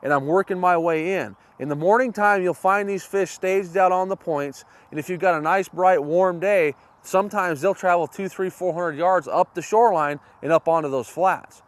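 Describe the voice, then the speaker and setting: A man hosting a fishing show, teaching on a boat outdoors in a folksy way and bursting into excited exclamations. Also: high-pitched, normal speed, hardly any pauses. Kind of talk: outdoor fishing instruction and excited on-water chat.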